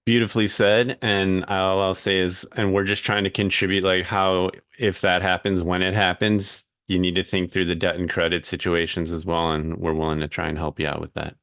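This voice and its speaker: Deep gravelly man moderating casually. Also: little pitch movement, moderate pace, hardly any pauses, a bit bright, dry recording, clean studio sound. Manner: casual, encouraging. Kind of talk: moderating a teach-in.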